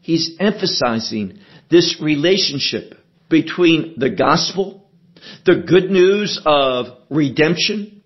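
A man teaching a sermon verse by verse, deliberate and emphatic, asking rhetorical questions as he explains the text. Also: fairly high pitch, expressive, lo-fi sound. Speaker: Bible teacher.

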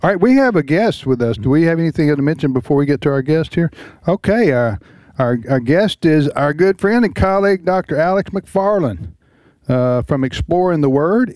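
A man's voice: mid-range voice, a little mellow, smooth, dry recording. Male talk radio host, rambling and jovial, dry studio sound. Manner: rambling, laughs easily.

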